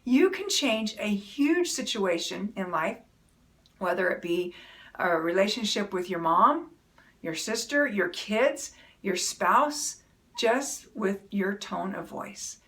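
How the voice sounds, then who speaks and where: A woman's voice: medium pitch, animated, slow pace, fairly bright tone. A middle-aged woman speaking earnestly to camera, giving encouraging, plain-spoken self-help advice. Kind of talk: motivational talk to camera.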